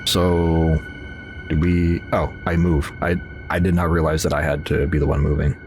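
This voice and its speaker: A man with a very deep voice rambles through a horror game, joking at his own expense and talking back at the characters on screen. Soft music plays underneath his commentary. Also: little pitch movement, normal speed. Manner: rambling, self-mocking, talks to the game. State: slightly nasal after sneezing. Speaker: let's play host. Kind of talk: casual gameplay commentary.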